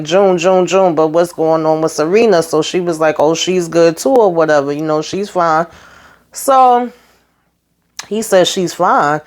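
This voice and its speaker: Speaking in a fairly low voice, a female TV recapper chattily and animatedly walks through an episode's scenes, addressing her audience as "honey" and "child."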